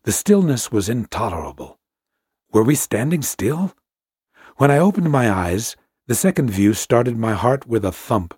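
A man narrating a classic sea story in a measured, hushed storytelling manner. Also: mid-range voice, big pitch swings, slightly rough, no echo, clean studio sound. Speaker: audiobook narrator.

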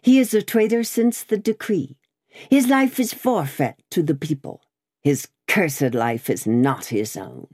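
Woman reading as angry male farrier, harsh accusing shouts, low gruff voice, dry close sound. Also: lively intonation, unhurried, no room sound, full character voice. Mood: furious. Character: angry male village farrier, rough and hostile.

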